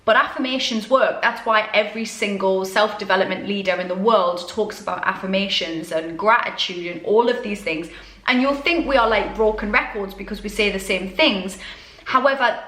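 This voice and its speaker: Chatting to camera in an echoey room, a woman from Britain who works as a self-development coach speaks frankly and pokes fun at herself. Her voice sits at a medium pitch with a fairly bright tone.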